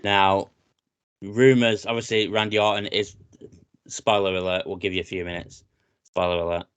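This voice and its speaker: A British man co-hosting a casual wrestling podcast, chatty and excitable, often saying "mate". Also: low voice, moderate pace, clean tone. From Britain. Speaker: podcast co-host.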